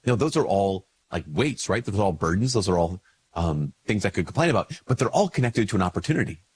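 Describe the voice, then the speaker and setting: A male priest with a somewhat low, slightly husky voice, stuffed up with a cold. He talks in a relaxed, conversational way and acts out small everyday exchanges. His tone stays personal and unhurried. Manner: conversational, acts out little dialogues with lifted pitch. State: congested with a cold. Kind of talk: casual spoken reflection to camera.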